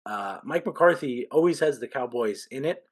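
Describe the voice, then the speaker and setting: A man's voice: mid-range voice, animated. Laid-back male sports podcast co-host. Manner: brief agreeing replies, then longer halting takes with restarts and a little swearing. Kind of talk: casual sports talk.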